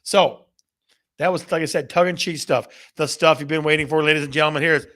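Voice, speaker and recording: Fairly high-pitched and a little fast, this man's voice has a fairly bright tone and fairly even intonation. He's a real estate show host running a live stream, teasing viewers with questions he repeats and then reading out what they reply.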